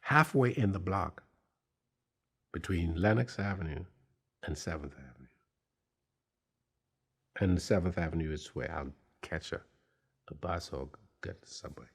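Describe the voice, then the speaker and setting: A man telling a personal anecdote in an interview, slow and deliberate, pausing with fillers. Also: sits low, gravelly, a bit bright, breathy edge. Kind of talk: storytelling anecdote.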